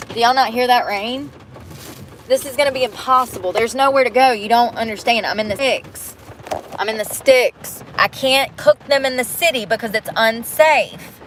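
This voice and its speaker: A woman's voice: on the high side, normal speed, slight background noise. Frustrated young woman ranting in her car. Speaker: vlogger living in her car. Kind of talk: venting vlog. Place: inside a parked car in the rain.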